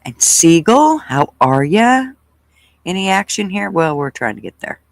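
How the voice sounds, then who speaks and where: A host chatting casually on a livestream, relaxed and greeting viewers one by one by name. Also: mid-range voice, measured pace, gravelly, no echo, poor audio.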